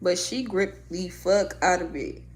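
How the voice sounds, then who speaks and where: A woman vlogger with a lowish voice talks at a measured pace. Blunt and swearing heavily, she chats candidly and casually with her viewers, speaking about herself in an emotional, heartfelt way.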